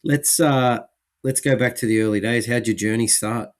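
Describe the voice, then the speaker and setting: A man's voice: medium pitch, fairly even intonation, normal speed. A man with an Australian accent hosting a podcast, chatty and upbeat as he introduces and questions his guest. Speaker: podcast host. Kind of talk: casual podcast interview.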